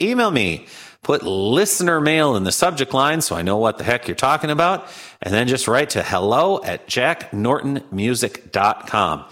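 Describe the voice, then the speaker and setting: A man's voice: medium pitch, a bit bright. A man with a Minnesota accent hosting a comic listener-mail segment in a folksy, jokey way. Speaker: host.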